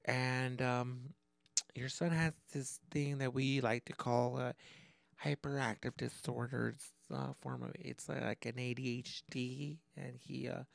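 A man voicing a doctor who quietly and hesitantly explains a diagnosis. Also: medium pitch, fairly even intonation, creaky, dry recording. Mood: calm. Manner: soft, measured, hesitant. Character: calm clinical doctor giving a diagnosis.

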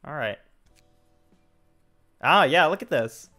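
A young man streaming a game live, chatting casually, jokey and excitable, his voice jumping up when he gets indignant. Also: fairly high pitch, moderate pace, soft background music. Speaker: VTuber streamer. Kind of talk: casual livestream chat.

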